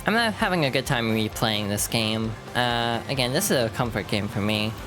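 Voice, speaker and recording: A woman streamer chatting casually over gameplay, self-deprecating and relaxed. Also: rumbling low, normal speed, over music. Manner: chatty, self-deprecating, reads game text aloud.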